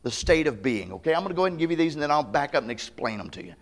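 A man's voice: on the high side, sing-song, rapid-fire, a little hiss or hum. A man pastor preaching a sermon, emphatic, putting rhetorical questions to the congregation. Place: church campmeeting service.

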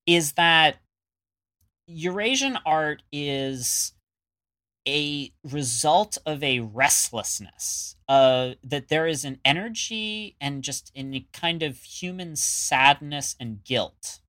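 A man co-hosting a casual podcast, talking through his topic in a rambling way. He stops and restarts his sentences often and fills gaps with "uh" and "you know." His voice has a bright, forward tone. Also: fairly high pitch, animated, slow pace. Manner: rambling with many fillers and restarts. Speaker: podcast co-host. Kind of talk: casual chat.

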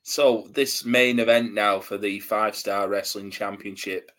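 A man's voice: lowish voice, fairly even intonation, a little slow, fairly bright tone. A man co-hosting a wrestling podcast, joking and chatty, who laughs at his own asides. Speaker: podcast co-host. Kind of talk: casual wrestling review chat.

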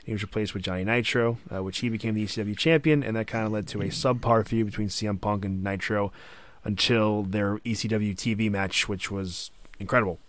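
A man's voice: fairly low pitch, fairly even intonation, a little fast. A man hosting a casual podcast chat, recounting wrestling history partly from notes. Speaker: podcast host.

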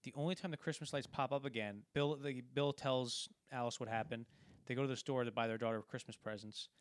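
A man's voice: mid-range voice, steady tone, fairly quick, clean tone. A man casually talking through a film, rambling and acting out quoted lines as he retells scenes. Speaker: podcast co-host.

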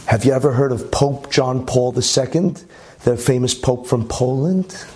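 A man telling a religious story in a lively way, with chatty asides and many okays. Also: mid-range voice, measured pace. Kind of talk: animated storytelling talk.

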